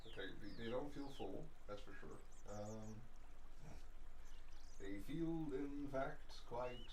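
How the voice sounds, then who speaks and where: A man's voice: medium pitch, slow, noisy background. A young man chatting casually on a live stream, thinking aloud and trailing off into mumbles.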